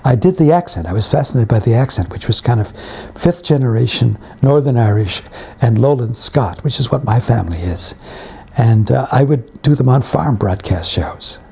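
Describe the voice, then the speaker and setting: Older man, 70s, very raspy voice, warm mellow tone, wry storytelling. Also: medium pitch, lively intonation, moderate pace. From Canada. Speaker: veteran actor and writer being interviewed. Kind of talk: reminiscing interview.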